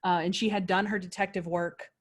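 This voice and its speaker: A woman's voice: fairly low pitch, level tone, a little fast. A woman hosting a podcast, chatting enthusiastically and acting out quoted lines. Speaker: podcast host. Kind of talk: casual podcast chat.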